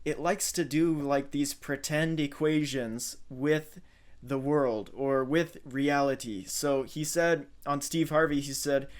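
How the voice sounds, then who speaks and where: A man with a slightly raised pitch hosts a channel and gives analytical commentary on clips. He speaks in an explanatory, observational way and breaks down what was just said. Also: fairly even intonation, slow.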